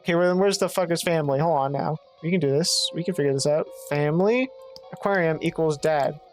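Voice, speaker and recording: A woman streams a game, thinking out loud and swearing freely as she works through it. Her voice sits a little low, and she reads bits of the game text aloud between her muttering. Faint game music plays underneath. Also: fairly quick. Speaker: gaming streamer. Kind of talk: let's play commentary.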